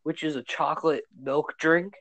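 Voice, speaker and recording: A man's voice: fairly high pitch, fairly even intonation, normal speed, lo-fi sound, crowd noise. A young man co-hosting a podcast, sarcastic, with mumbled asides. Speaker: podcast co-host. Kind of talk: casual chat.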